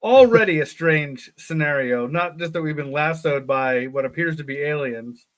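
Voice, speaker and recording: A man's voice: on the high side, moderate pace. A man co-hosting a live podcast, reading a gamebook aloud and breaking off into joking asides. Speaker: podcast co-host. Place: live online show.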